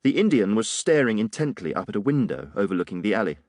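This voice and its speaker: Low-voiced male audiobook narrator. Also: very animated, quick pace, a little mellow, no room sound, studio quality. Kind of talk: scripted narration.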